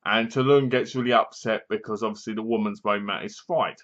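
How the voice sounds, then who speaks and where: A man's voice: fairly low pitch, fairly even intonation, quick pace, a bit bright, muffled recording. A man retelling a film's plot in a casual review vlog, rambling along with plenty of fillers. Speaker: film reviewer.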